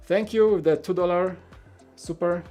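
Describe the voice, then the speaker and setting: A man's voice: high voice, measured pace, mellow. A man whose first language is Polish chats casually through a live build stream. He stammers, restarts his sentences and laughs often, while music plays faintly underneath his voice. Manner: rambling, stammers and repeats words; chuckles often while talking. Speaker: livestream host.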